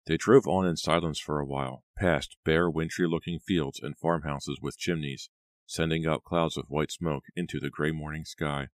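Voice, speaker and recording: A man narrating an audiobook in a steady, even reading. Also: very deep voice, moderate pace, dry recording, clean studio sound. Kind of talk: scripted narration.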